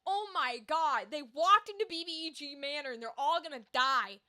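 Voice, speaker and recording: A woman chats with her livestream viewers in an animated, casual way, swearing freely and bursting into exclamations. Her voice sits high and bright.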